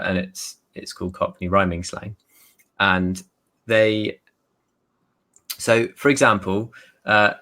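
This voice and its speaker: British man explaining with a low voice. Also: a bit bright. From United Kingdom. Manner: chatty, explains with examples and laughs. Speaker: guest author. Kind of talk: casual video chat.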